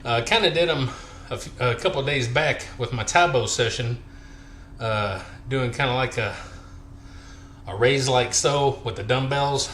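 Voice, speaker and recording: A man's voice: mid-range voice, unhurried, a bit bright, reverberant, a little hiss or hum. A man chatting on a workout live stream, counting reps aloud, out of breath and joking between sets. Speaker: fitness vlogger.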